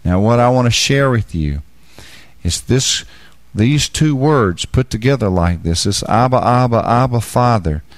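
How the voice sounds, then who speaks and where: A man giving a sermon, explaining scripture with homely examples and rising into loud, fervent preaching. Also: animated, measured pace, no echo. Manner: builds to loud, high-pitched fervent preaching. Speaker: Bible teacher.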